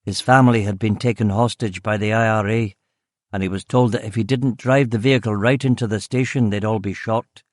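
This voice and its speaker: A weary, blunt senior detective of about fifty, with a faint Scottish accent, who swears freely and speaks low and subdued, as a male narrator plays him. The voice sits lower and softer than the narration around it, recorded in a dry, close space for an audiobook. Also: steady tone, a little fast, no echo, natural voice. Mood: gruff, weary. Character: grizzled fifty-year-old male detective chief.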